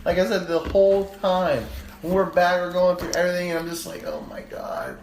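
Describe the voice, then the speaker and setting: A man in his thirties tells a rambling, swear-laden story on a podcast. His voice sits at an ordinary pitch and jumps up when he quotes people. The room rings with echo under a faint hiss. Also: fairly quick. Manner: rambling, profane, animated when quoting others. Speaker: podcast co-host. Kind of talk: casual storytelling chat. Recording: echoey room with faint noise.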